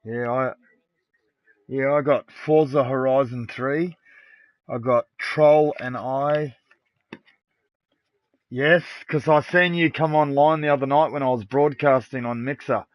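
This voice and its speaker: A man's voice: mid-range voice, fairly even intonation, normal speed, no room sound. Crude, boastful Australian man gaming. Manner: crude, boastful banter with lots of swearing. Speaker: game streamer. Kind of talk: casual live-stream gaming chat. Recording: dull lo-fi dry sound.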